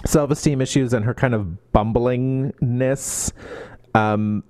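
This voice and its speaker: A man's voice: medium pitch, slow pace, no echo. A man co-hosting a book podcast, chatting casually and acting out characters with lots of swearing. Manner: animated, swearing, acts out characters in quotes. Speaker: podcast co-host.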